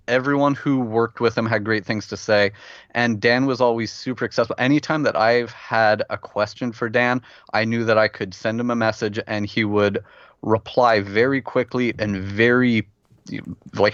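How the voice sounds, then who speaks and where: A man co-hosting a casual podcast, speaking earnestly and quickly. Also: fairly low pitch, fairly even intonation, fairly bright tone, dry recording, dull audio. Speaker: podcast co-host. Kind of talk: casual late-night podcast chat.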